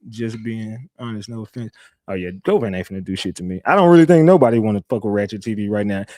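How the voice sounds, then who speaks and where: A man's voice: mid-range voice, a little mellow, dry recording. Male stream host, brash and profane trash talk, dry sound. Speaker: online show host. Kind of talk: livestream commentary.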